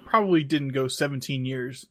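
A man's voice: mid-range voice, normal speed, no room sound. A man in a casual podcast chat, dropping dry, wry remarks.

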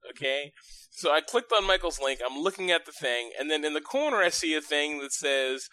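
A bright, forceful male voice, slightly higher than most, recorded dry and close. He co-hosts a casual podcast, telling stories with animated energy and frequent laughs. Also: no echo, poor audio. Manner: animated storytelling, laughing often. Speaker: podcast co-host.

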